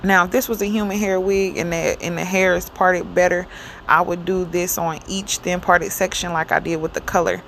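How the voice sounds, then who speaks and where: A woman giving a casual hair tutorial, explaining each step in a chatty, relaxed way with plenty of fillers. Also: lowish voice, normal speed, slight background noise. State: cold and yawning. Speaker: hair stylist demonstrating a wig.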